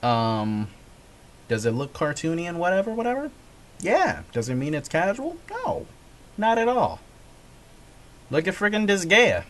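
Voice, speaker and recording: In this gaming vlog, a man with a highish voice and huge pitch swings talks at a moderate pace, his tone fairly bright over slight background noise. His casual monologue rambles along, full of self-corrections and frequent laughter.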